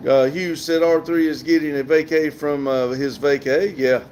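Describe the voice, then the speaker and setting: A man's voice: fairly high pitch, fairly even intonation, moderate pace, a little mellow, slight background noise. Southern man chatting on a livestream. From southern United States. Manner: chatty, laughs often, reads comments aloud. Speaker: livestream host reading chat. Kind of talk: casual live chat. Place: outdoors.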